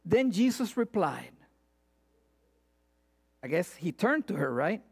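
A woman preaching a sermon, retelling scripture with animated asides and acted-out cries. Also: fairly low pitch, takes it slowly, husky. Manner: animated, acts out voices and cries.

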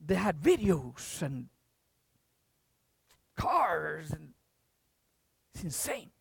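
An older preacher delivers a sermon with a very lively, swinging delivery. Quiet asides turn into loud, rising bursts. The sound is close and dry, with no room echo. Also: medium pitch, drawn-out words, creaky, slightly rough. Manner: animated, jumps from hushed to loud.

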